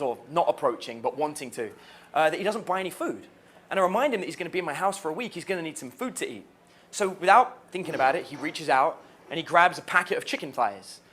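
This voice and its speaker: Animated male dating coach telling stories. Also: on the high side. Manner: animated, laughs while telling anecdotes. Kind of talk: storytelling to camera.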